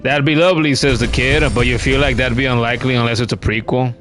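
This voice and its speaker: Man, game streamer, casual chatty talk, mid pitch, faint music behind. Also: steady tone, fast, fairly bright tone. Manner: chatty, swears casually, reads chat comments aloud. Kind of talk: casual live-stream gameplay commentary.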